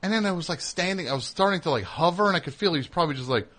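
A man's voice: a little high, expressive, rapid-fire, fairly bright tone. A man hosting a comedy talk show, telling a rambling story in casual chat and mimicking other people in raised voices. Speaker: comedy radio host.

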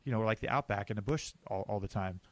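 An American man hosting a casual podcast interview, upbeat and joking with quick asides. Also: on the low side, dry recording. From United States. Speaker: podcast host.

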